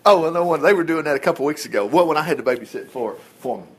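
A man's voice: fairly high pitch, expressive, very fast, slightly rough. A man giving a casual Bible study, folksy and digressive, who slips into little acted asides.

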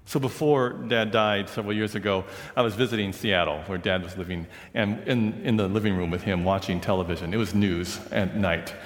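A man's voice: lowish voice, steady tone, fairly quick, few pauses. A middle-aged male pastor preaching a sermon in a conversational, storytelling way, often checking in with the congregation. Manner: conversational storytelling, frequent "right?" and asides. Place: large church sanctuary. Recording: long church reverb.

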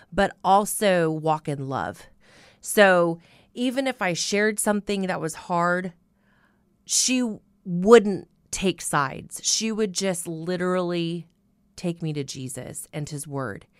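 Earnest female radio host sharing a testimony, slow and low-pitched, dry close sound. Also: clear, resonant tone, no echo. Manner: earnest, storytelling, with repeated fillers. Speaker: host of a Christian radio show. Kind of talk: personal faith testimony.

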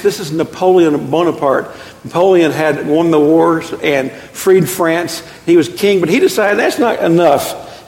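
A middle-aged man preaching a sermon as pastor, an animated storyteller with quick self-deprecating asides. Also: fairly high pitch. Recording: echoey hall with long reverb.

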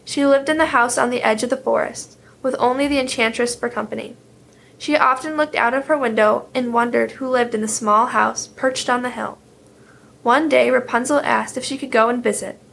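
A woman reading a fairy tale aloud in a steady, clear storytelling manner. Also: on the high side, normal speed, slight background noise.

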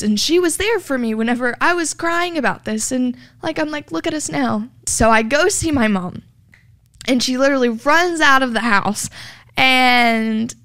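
A woman recounting her own story in an interview, earnest and full of "like," voicing the people she quotes. Her voice sits a bit high, with a gravelly fry running through an otherwise smooth tone. The sound is dry and close. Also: a bit bright, no room sound. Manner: earnest, heavy use of "like", acts out quoted dialogue. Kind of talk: personal testimony.

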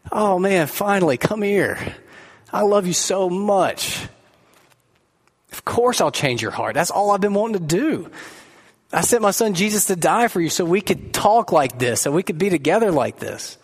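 A man voicing God as a warm, welcoming fatherly deity in a sermon. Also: sits high, very animated, moderate pace, slightly rough, voice pushed up, exaggerated voice. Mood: tender. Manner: gentle, affectionate and welcoming. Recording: echoey hall reverb.

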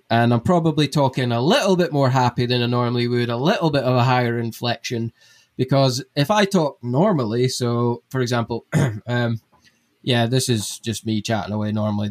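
A man's voice: medium pitch, normal speed. A young man, a TV gardening presenter, chatting as a podcast guest and breaking ideas down step by step. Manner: chatty, explains things step by step. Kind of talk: casual podcast chat.

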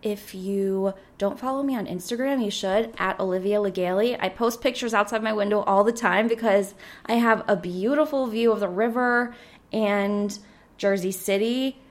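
A woman in her twenties hosting a casual solo podcast, slightly hoarse, rambling and chatty with lots of filler words. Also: medium pitch, moderate pace. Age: 20s. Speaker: podcast host.

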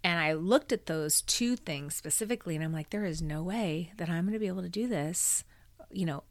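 A woman's voice: fairly low pitch, brisk, no echo. A middle-aged woman hosting her own podcast, telling a personal story candidly and emotionally, with many fillers. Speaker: podcast host. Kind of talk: personal monologue.

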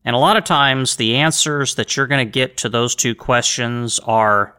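Bright-voiced opinionated male podcast host. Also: mid-range voice, fairly even intonation, moderate pace, hardly any pauses, clear, resonant tone. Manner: opinionated, emphatic, with frequent fillers. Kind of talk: casual monologue podcast.

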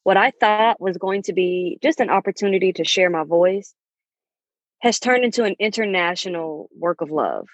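A woman's voice: lowish voice, moderate pace, no room sound. Woman, 30s, podcast host, emphatic motivational monologue, muffled and dry recording. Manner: emphatic, preachy, uses endearments.

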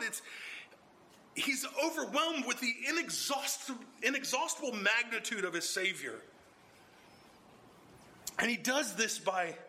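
A man preaching an expository sermon, emphatic and swinging from low, even delivery to sudden exclamations.

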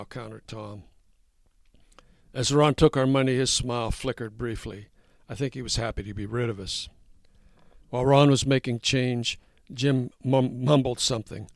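A man reading his own first-person story aloud, with a wry tone and lively voices for the dialogue. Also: medium pitch, normal speed, vocal fry, no room sound, clean studio sound.

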